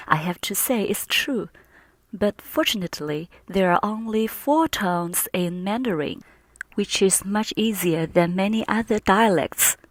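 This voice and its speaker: A woman teaching Mandarin pronunciation, carefully demonstrating each tone in drawn-out syllables. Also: mid-range voice, no room sound. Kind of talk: pronunciation lesson.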